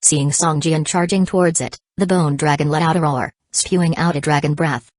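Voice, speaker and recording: A woman narrating a fantasy novel audiobook in an even, unhurried reading. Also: deep voice, no room sound. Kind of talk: scripted narration.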